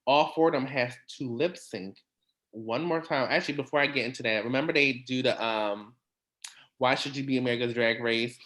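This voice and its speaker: A man hosting a casual recap chat, talking in a chatty, animated way with quick asides and laughs. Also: medium pitch. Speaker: podcast host.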